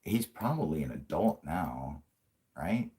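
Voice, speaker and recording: Late-30s male streamer, low register, profane loose banter, joking and laughing. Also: big pitch swings, slow. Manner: crude, profanity-heavy rambling with frequent laughs; puts on a yelling grumpy old man for jokes. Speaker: live stream host. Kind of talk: casual live-stream chat.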